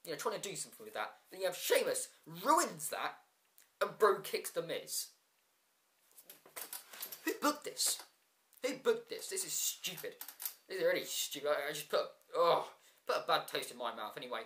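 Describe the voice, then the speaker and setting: A man with a fairly high voice runs through a show in a casual review vlog. He gets frustrated and rants, stumbles over ums and restarts, and throws in sarcastic asides. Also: sing-song, fairly quick, fairly bright tone.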